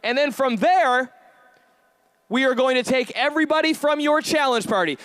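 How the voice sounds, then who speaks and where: A man giving a high-energy stage pep talk, rallying the crowd with call-and-response questions and shouted bursts of hype. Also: lively intonation, moderate pace, clear, resonant tone, no echo. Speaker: motivational event speaker.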